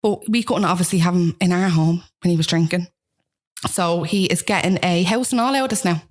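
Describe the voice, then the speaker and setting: A young interview guest with a Dublin accent, from Ballymun, speaks fairly quickly in a voice on the low side. She frankly and chattily shares family stories, peppered with "like" and frequent restarts.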